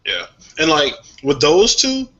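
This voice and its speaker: A man co-hosting a casual music talk show, sharing strong opinions in a lively way and laughing often. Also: on the high side, takes it slowly. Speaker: podcast co-host. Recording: dull lo-fi sound.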